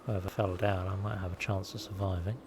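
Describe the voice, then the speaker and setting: A man chats his way through a live game stream, rambling and making fun of himself. His voice is fairly low and gravelly. The audio is noisy, with game ambience behind him. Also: level tone, quick pace. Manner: chatty, rambling, self-deprecating. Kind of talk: casual live-stream commentary.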